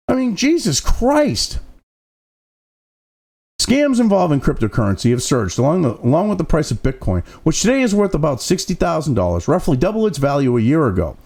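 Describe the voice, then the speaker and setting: Gravelly, profane man ranting about the news. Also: fairly high pitch, sing-song, brisk, a little mellow. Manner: profane, sarcastic, exasperated; mocking asides between read-out passages. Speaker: host of a commentary show. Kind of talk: ranting news commentary, reading article excerpts.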